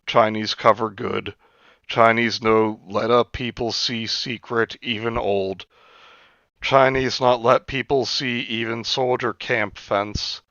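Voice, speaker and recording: A man's voice: medium pitch, fairly even intonation, slow pace, sharp tone, no room sound. A man voicing a blunt young woman digger who speaks insistent, clipped broken English. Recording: dull dry lo-fi sound.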